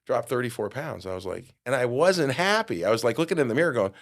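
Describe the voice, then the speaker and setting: A middle-aged man telling a personal story in a podcast interview, acting out quotes and getting loud at the big moments. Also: medium pitch, fast talker. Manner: animated storyteller, acts out quotes with big jumps in loudness. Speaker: guest.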